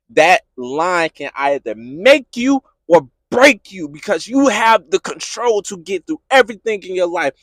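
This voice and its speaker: A man with a high, bright-edged voice gives a motivational talk about faith. He is impassioned and repetitive, and he pushes up into shouting when he gets fervent. The sound is dry and close, with no room around it. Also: expressive, unhurried, few pauses, no echo. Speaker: podcast host.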